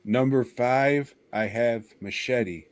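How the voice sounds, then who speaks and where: A man co-hosting a podcast in casual chat, joking wryly and drawing out his words. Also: mid-range voice. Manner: wry, drawn-out joking. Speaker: podcast co-host.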